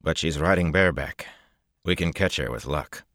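A grim soldier gives his report quietly and plainly, read by a man with a very deep voice. The audiobook sound is dry and close. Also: moderate pace, dry recording. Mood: steady. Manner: quiet and matter-of-fact. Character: grim, terse mounted male soldier.

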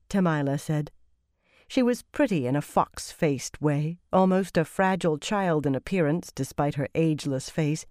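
Low-voiced woman narrating an audiobook. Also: darkish tone, no room sound, studio quality. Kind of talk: scripted narration.

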